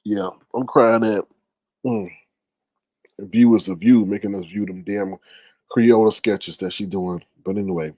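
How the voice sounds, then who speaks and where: A man's voice: fairly low pitch, fairly even intonation, unhurried, pauses often, a little mellow, no echo. A man hosting a casual livestream, ranting with exasperation, often sighing and talking straight to his viewers. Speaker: livestream commentary host.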